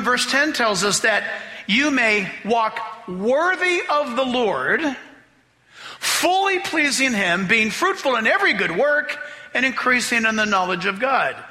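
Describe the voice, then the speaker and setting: A man preaching a sermon in a church, emphatic and animated, slowing down to read scripture and breaking into mocking voices. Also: very high voice. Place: church sanctuary. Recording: long reverb of a hall.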